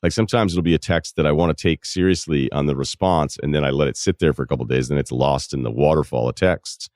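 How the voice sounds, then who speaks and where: Podcast host, male, around 40s, very low voice, dry close studio sound, deadpan humor while reading listener mail. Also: quick pace, no echo. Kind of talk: casual advice podcast talk, reading listener emails.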